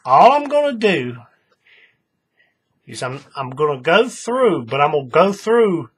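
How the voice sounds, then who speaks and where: A man's voice: fairly high pitch, big pitch swings, a little slow, slightly rough. A man hosting a hands-on craft tutorial, chatting in a folksy way to his viewers while he works. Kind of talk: casual hands-on craft demonstration.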